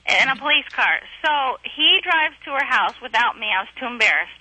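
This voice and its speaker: A woman who is a celebrity guest on a radio show, telling a story in a chatty, animated way and acting out the people she quotes. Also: fairly high pitch, fairly quick, slightly rough, rough recording. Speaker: celebrity guest, actress and comedian.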